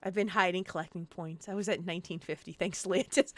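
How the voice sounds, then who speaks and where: A woman in her forties chatting casually on a game stream, telling stories in an animated, playful, self-mocking way. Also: medium pitch, normal speed, no room sound. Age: 40s.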